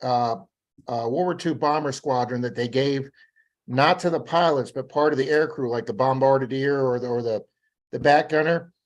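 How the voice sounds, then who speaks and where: A man from Florida, a metal detecting guest, telling rambling, animated stories and acting out what people said. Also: mid-range voice, normal speed, dull audio. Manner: rambling, animated anecdotes with acted-out quotes. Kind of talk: casual storytelling on a live podcast.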